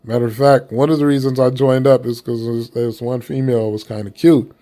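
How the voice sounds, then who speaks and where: A man's voice: medium pitch, fairly even intonation, brisk, dark tone. A man from the United States giving casual opinion commentary in a blunt, profane and rambling way.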